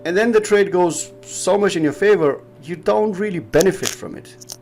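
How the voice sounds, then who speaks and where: Gravelly man with a Pakistani accent. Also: sits high, moderate pace, darkish tone, faint music behind. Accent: Pakistani English. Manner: rambling, explanatory, laughs often. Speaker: trading educator. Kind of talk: casual chart-analysis chat.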